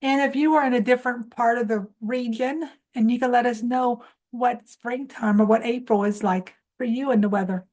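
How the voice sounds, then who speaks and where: A woman's voice: a little high, fairly even intonation, normal speed, hardly any pauses, darkish tone. A woman hosting a children's morning lesson, coaxing little ones through clap-along chants and answering her own questions for them. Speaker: preschool teacher host.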